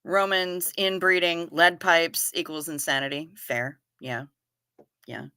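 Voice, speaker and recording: A woman's voice: lowish voice, steady tone, slow pace, pushed and bright, clean tone, no room sound, clean studio sound. A woman hosting a live stream, chatting casually as she reads viewer comments aloud, wry and given to swearing and giggling.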